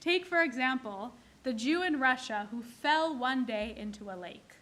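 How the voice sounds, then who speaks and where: High bright woman giving a sermon. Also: expressive, a little slow. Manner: storytelling, acting out characters in jokes. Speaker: clergy leading a service. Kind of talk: sermon with jokes. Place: synagogue.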